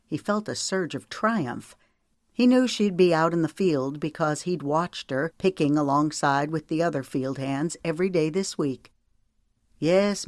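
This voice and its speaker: Low-voiced woman reading an audiobook. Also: dry recording, clean studio sound. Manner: steady, measured reading. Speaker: audiobook narrator. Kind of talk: audiobook narration.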